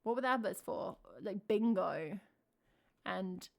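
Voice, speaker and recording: A woman's voice: mid-range voice, slow, gravelly. A woman with an English accent, chatting casually on a live stream, thinking aloud and answering her chat. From England.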